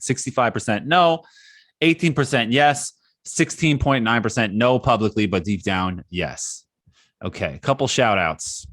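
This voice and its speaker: A man's voice: lowish voice, fairly bright tone, no echo. A man hosting a sports fan podcast in casual chat who laughs often and reads out listener tweets. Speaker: podcast host.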